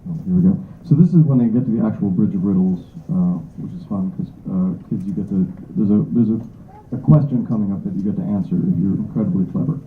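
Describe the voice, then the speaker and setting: A chatty, self-deprecating man speaking to an audience at a bookstore signing, his voice on the low side. The sound is tinny and phone-like, echoing around the room with a faint hiss. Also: quick pace, hardly any pauses. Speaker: author at a book signing. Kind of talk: casual talk to an audience. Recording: echoey, tinny phone-like audio with faint noise.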